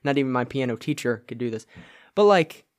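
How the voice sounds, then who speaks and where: A man's voice: mid-range voice, animated, brisk. A young man co-hosting a podcast, chatting casually in a rambling way, with lots of fillers and frequent laughs. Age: young adult. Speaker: podcast co-host. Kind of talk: casual chat.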